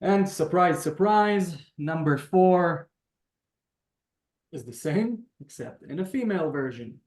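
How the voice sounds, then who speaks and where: A man teaching a beginner language class over a video call, patiently explaining each step and sounding out words slowly. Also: a little high, expressive, darkish tone, reverberant. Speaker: Hebrew teacher.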